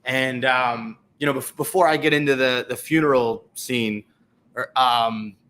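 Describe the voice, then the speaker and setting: A man's voice: mid-range voice, steady tone, measured pace, a bit bright. A young adult man co-hosting a casual movie review chat, hesitant and asking his co-host questions. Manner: hesitant, many fillers and restarts, asks his co-host questions. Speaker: film review podcast co-host.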